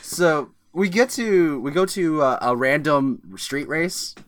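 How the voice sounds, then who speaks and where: A man's voice: fairly high pitch, expressive, takes it slowly, fairly bright tone, no room sound, clean studio sound. A man co-hosting a podcast, recapping movie scenes in casual chat with a teasing edge. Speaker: podcast co-host.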